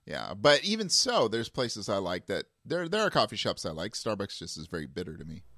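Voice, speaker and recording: A man chatting in a relaxed conversation, his pitch rising and falling freely as he tells stories. The recording is dry and close, with little room sound. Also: brisk, no room sound. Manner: animated storyteller, mimics a Texas preacher. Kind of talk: casual conversation.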